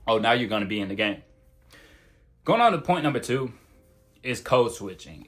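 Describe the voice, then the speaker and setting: A man's voice: mid-range voice, fairly bright tone. A man giving casual, blunt self-improvement advice straight to the camera, in a slangy, conversational way. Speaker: self-improvement video creator.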